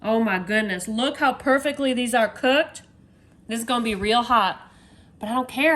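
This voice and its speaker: A woman, showing desserts in her home kitchen in a chatty, excitable way, talking to viewers. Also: on the high side, normal speed. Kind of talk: casual cooking video. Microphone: phone.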